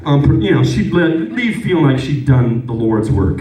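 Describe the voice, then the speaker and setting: A man doing a stand-up comedy set, telling a story with animated acted-out voices. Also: on the high side, moderate pace. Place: comedy club stage. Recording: echoey club from a distance.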